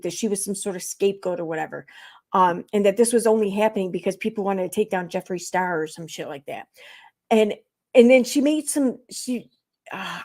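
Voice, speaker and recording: Woman on a stream, gravelly voice, keeps restarting her sentences. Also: mid-range voice, a little mellow. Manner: rambling, with many restarts. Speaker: livestream host. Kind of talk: casual commentary stream.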